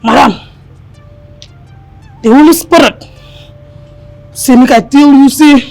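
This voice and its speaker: A woman's voice: high-pitched, slow pace, creaky, a little mellow, soft background music, exaggerated voice. An actress with a Nigerian accent playing a devout, dramatic young housemaid who wails and preaches at her employer. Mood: preaching. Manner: wailing outbursts, preachy, mixes in Pidgin. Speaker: maid.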